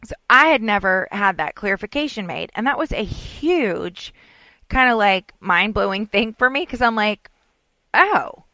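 Woman, middle-aged, chatty, rambling storyteller, bright forceful tone, dry close sound. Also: mid-range voice, expressive, moderate pace, no echo. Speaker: podcast co-host. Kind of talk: casual chat.

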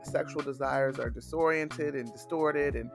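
A man's voice: medium pitch, fairly even intonation, normal speed, gravelly, over music. A man hosting a podcast in casual chat, earnest and affirming, often restarting his sentences. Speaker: podcast host.

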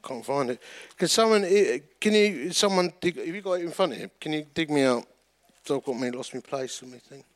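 A middle-aged man, speaking in a voice that sits a little high for a man. He preaches in a loose, storytelling way, laughs at himself and acts out the other people in his stories. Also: lively intonation, fairly quick. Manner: chatty and self-mocking, acting out the voices in his stories. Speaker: pastor. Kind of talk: storytelling sermon.

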